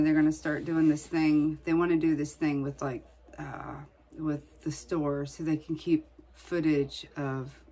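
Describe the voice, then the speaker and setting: A woman's voice: deep voice, a little mellow, breathy edge. A woman vlogger chatting casually, venting in a blunt, profane way. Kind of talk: casual chat.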